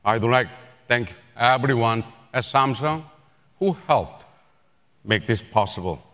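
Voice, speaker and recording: A man presenting at a product launch keynote on a large auditorium stage, in a measured, formal stage delivery. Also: medium pitch, expressive, fairly bright tone. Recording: echoey auditorium with long reverb.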